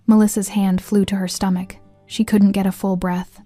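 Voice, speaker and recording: A woman giving a measured, scripted narration of a story. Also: medium pitch, no echo. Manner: measured, even reading. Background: faint music.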